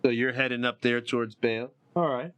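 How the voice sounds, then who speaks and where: A man's voice: mid-range voice, steady tone, fairly quick, very noisy. A man running a tabletop game as game master, loose and joking, often correcting himself.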